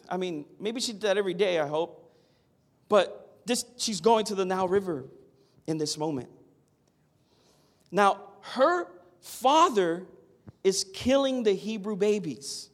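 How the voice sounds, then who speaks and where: A man's voice: sits high, animated, a little slow, long pauses. A man preaching a sermon, earnest and emphatic, often asking the listeners "Amen?". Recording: long hall reverb.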